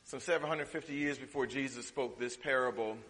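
A man preaching a sermon, swinging from loud, drawn-out declarations to hushed, quick asides. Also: medium pitch. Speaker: pastor. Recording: reverberant hall.

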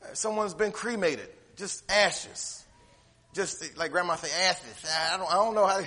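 A man preaching a sermon as pastor, folksy and conversational, moving from quiet asides to loud shouted lines. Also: high voice, moderate pace. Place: church sanctuary. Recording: echoey hall.

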